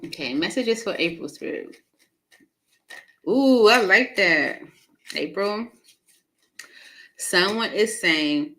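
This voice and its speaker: Woman, low-pitched; chatty tarot host who laughs a lot, faint noise behind. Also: takes it slowly, long pauses, bright, forceful tone, rough recording. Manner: chatty, laughs often, talks to viewers by name. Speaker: tarot reader hosting a live stream. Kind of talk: casual live tarot reading.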